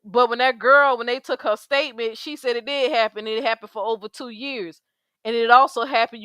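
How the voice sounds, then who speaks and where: Black woman ranting on a stream, cussing, bright highish voice, dry close sound. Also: no room sound. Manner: blunt, profane, emphatic, heavy slang. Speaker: commentary streamer. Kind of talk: outraged livestream commentary.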